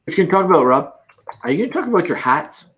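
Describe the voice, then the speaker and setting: A man's voice: a little high, very animated, very fast, fairly bright tone. A Canadian man hosting a casual live-stream chat from his campervan, reading out viewer comments and laughing often. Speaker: livestream host.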